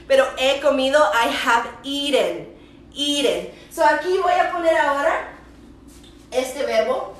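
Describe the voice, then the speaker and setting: A woman from the United States, a native English speaker, teaching English in a livestream and switching between Spanish and English, repeating words slowly. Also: high-pitched, fairly bright tone, roomy sound, a little hiss or hum. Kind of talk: bilingual livestream lesson.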